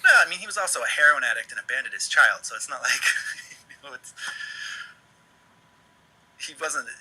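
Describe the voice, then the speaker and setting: Wry husky-voiced man. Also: mid-range voice, lively intonation, moderate pace, sharp tone, rough recording. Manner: laid-back, wry, keeps steering back to the topic. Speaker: podcast host. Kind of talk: casual chat.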